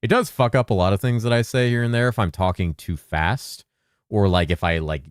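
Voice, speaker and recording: Low-voiced rambling streamer man. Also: fairly quick, smooth, no echo, clean studio sound. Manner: loose and rambling, swears freely, mumbles at times. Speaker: game streamer. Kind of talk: casual live-stream chat.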